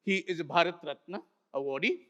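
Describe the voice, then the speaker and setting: Bright-voiced older Indian man in a hall. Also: fairly high pitch, dull audio. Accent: Indian English. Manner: unhurried, many pauses and fillers, points at slides. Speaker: festival speaker. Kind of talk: illustrated talk to an audience. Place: large hall with an audience. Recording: hall reverb from a stage mic.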